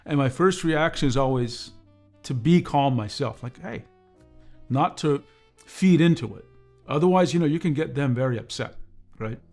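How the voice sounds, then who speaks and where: Calm, measured man chatting on a stream. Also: medium pitch, creaky. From United States. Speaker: livestream host. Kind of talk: casual livestream chat, reading viewer comments.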